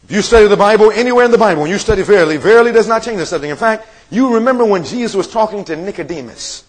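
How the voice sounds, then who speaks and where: A man's voice: high-pitched, lively intonation, rapid-fire, slightly rough, low-quality recording. A male evangelist preaching a sermon to a congregation in a meeting room, emphatic and quizzing his listeners with questions.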